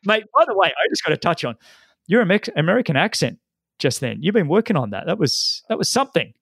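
A man's voice: a little high, sing-song, fast talker, gravelly, a bit bright, slightly rough, dry recording. A man hosting a casual interview, teasing his guest playfully. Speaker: podcast host.

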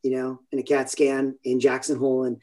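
Speaking fairly quickly in a monotone, medium-pitched voice with a darkish tone, this man from California is in his forties. He appears as a podcast guest, rambling through anecdotes and breaking into his own sentences in a casual interview.

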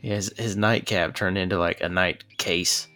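A man with a lowish voice adds dry, joking asides to a casual podcast chat. Soft guitar music plays faintly behind him. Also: fairly even intonation, normal speed. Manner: dry wisecracks to listeners. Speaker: podcast co-host.

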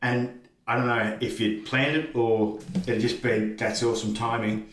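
A man's voice: mid-range voice, level tone, moderate pace. Laughing man telling a wrestling story. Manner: laughs a lot, acts out voices in the story. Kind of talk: casual storytelling chat. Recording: echoey room with faint noise.

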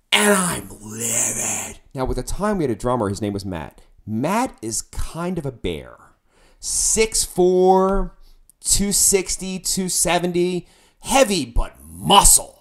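With a high voice, a middle-aged man who plays music recounts a story about his band in relaxed podcast conversation. He gets animated and swears freely, reenacting the way he shouted.

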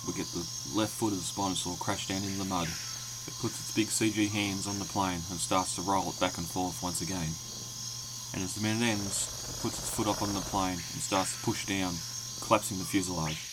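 A man reading a scripted scene recap in a steady, measured way. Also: sits low, background noise. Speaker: podcast co-host. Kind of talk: scripted narration. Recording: loud crickets and insects behind.

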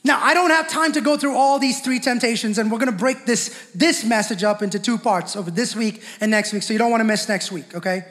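A man's voice: very high-pitched, brisk, hardly any pauses, a bit bright. A man preaching a sermon with fervent repetition, often asking the congregation questions. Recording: long hall reverb.

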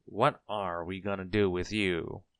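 A kindly, calm gentleman in a storybook, speaking in a slow, reassuring, measured way, as a man reads him. His voice stays low and unhurried, close to the reader's own. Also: clean tone, no echo.

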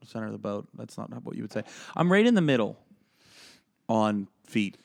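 Young man, mid-pitched, tells crude stories on a comedy podcast. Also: normal speed, gravelly. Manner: animated anecdote telling, crude humor. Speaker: podcast co-host. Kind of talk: casual comedic chat.

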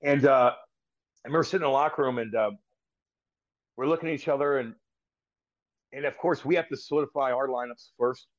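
A man's voice: medium pitch, brisk, long pauses. A man who is a former pro hockey player, guest on a podcast, rambling through a story with lots of swearing and restarted sentences. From St. Louis, US. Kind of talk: casual storytelling. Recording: slightly dull lo-fi sound.

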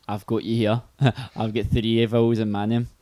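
A man's voice: lowish voice, flat delivery, moderate pace, dark tone. A Glaswegian Scottish man co-hosting a podcast, ranting and swearing in casual banter and laughing often. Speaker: podcast co-host.

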